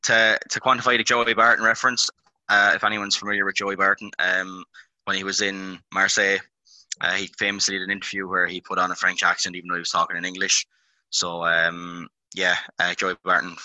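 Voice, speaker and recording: An Irish man hosting a casual podcast, full of teasing banter. His low voice has a very sharp, bright edge. The recording is close and dry. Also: fairly even intonation, brisk, dry recording, low-quality recording. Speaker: podcast host. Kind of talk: casual chat.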